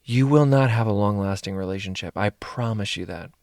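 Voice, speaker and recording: A man's voice: fairly low pitch, a little fast, a little mellow, dry recording, clean studio sound. A man coaching his listeners in a motivational monologue, speaking directly and earnestly and repeating phrases for emphasis. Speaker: life coach and mentor.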